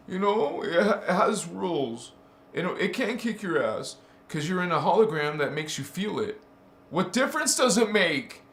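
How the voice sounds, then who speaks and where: A man's voice: high voice, fairly bright tone, a little hiss or hum. A man hosting a spiritual channel, talking casually and playfully, laughing often and calling the listener honey. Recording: roomy echo.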